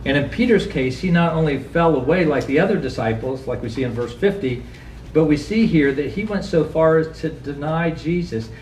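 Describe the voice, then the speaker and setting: A man preaches from a pulpit, heard from some distance in a reverberant church. His voice sits a little high and jumps sharply upward when he presses a question. Faint room ambience lies underneath. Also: animated, normal speed, darkish tone, slight background noise. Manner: earnest preaching, rising to high emphatic questions, acts out quotes. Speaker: pastor. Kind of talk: sermon. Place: church sanctuary.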